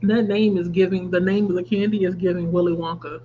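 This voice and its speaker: Running a relaxed craft livestream, this thirtysomething woman laughs along with viewer comments as she chats. Her medium-pitched voice is fairly even in intonation and fairly quick, with hardly any pauses, while the stream audio sounds slightly dull and carries a faint hum.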